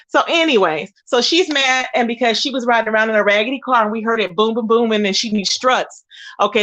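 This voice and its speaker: A woman's voice: medium pitch, a bit bright. A woman hosting a livestream, ranting indignantly and emphatically while greeting chat viewers. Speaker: livestream host. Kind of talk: heated livestream rant.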